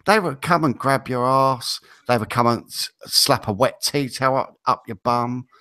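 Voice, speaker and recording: A man's voice: medium pitch, moderate pace. A man with an English accent, co-hosting a casual talk show and telling long rambling stories. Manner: rambling storytelling, animated. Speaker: co-host. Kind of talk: casual podcast banter.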